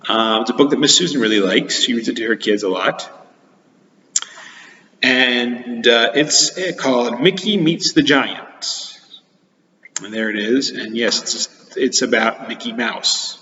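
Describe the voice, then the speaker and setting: A man teaching children, reading a storybook aloud in a playful, chatty and expressive way. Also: mid-range voice, unhurried, a little hiss or hum. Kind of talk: storybook read-aloud for kids. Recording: echoey hall, dull lo-fi sound.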